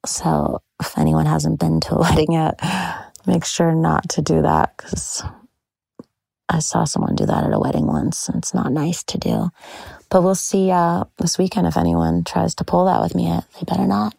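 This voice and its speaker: A woman hosts a podcast with a low, gravelly voice full of vocal fry. She gushes as she talks about her own life, and her phrases often trail off into breathy whispers. The sound is dry and close, with no room echo. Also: big pitch swings, moderate pace, mellow. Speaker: podcast host. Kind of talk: personal monologue.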